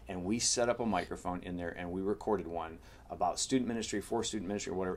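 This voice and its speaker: A man co-hosting a podcast in casual chat, telling stories with wry, dry jokes. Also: low voice. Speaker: podcast co-host.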